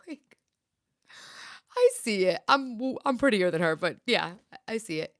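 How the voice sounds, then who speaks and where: A woman's voice: on the low side, animated, moderate pace. A woman in her thirties chatting playfully with viewers on a casual home livestream. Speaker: livestream host. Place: home, indoors.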